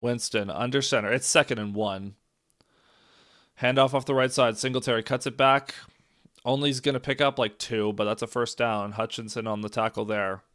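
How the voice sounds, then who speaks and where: A man's voice: medium pitch, fairly even intonation, normal speed. A man doing live reaction commentary on a football game, calling plays and reacting with exasperation. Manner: exasperated, frequently shouts and laughs in disbelief.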